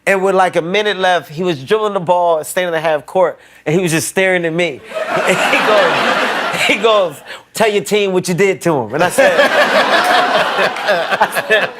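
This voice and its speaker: A man's voice: high voice, normal speed. A man telling a comic story as a talk show guest, laughing as he goes. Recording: loud background noise.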